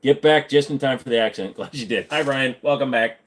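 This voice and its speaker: A man's voice: medium pitch, brisk. An American man hosting a casual live-stream Q&A, rambling and swearing freely. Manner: rambling and profane.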